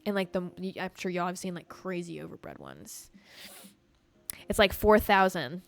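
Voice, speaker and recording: Animated swearing woman podcast host. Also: lowish voice, normal speed, creaky, no echo. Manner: animated, swears often, heavy "like" filler. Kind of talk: casual storytelling chat.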